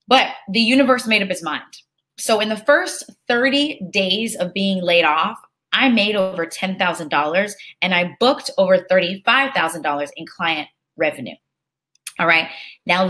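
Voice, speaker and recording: A woman leading a live online webinar, energetic and chatty, calling for amens like a preacher and reading out audience names. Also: medium pitch. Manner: energetic, preacher-like call and response. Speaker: online course instructor.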